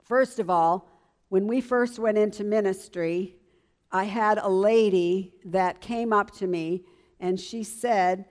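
A woman in her seventies speaks slowly in a mid-range voice, giving a church presentation as a health educator. She sounds lively, enthusiastic, and emphatic.

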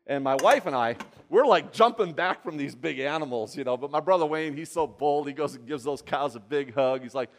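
A man's voice: fairly high pitch, expressive, a little fast, few pauses. A man giving a live cooking demonstration, chatty and rambling, often asking the audience questions. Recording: long hall reverb.

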